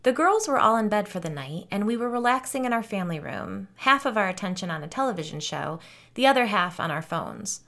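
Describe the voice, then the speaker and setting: Woman, first-person audiobook narration, expressive, soft low dips, mid-pitched. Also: brisk, gravelly.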